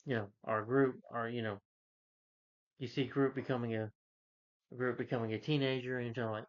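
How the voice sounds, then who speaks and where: A man's voice: medium pitch, fairly even intonation, normal speed, pauses often. A man casually recapping a movie plot, rambling and filling with "like" and "you know.". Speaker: movie reviewer. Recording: dull lo-fi recording.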